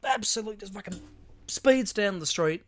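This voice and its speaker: A man's voice: sits high, animated, normal speed, dry recording. A young Australian man, podcast co-host, telling a rambling casual story with lots of swearing. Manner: rambling, swears freely, acts out voices in quotes.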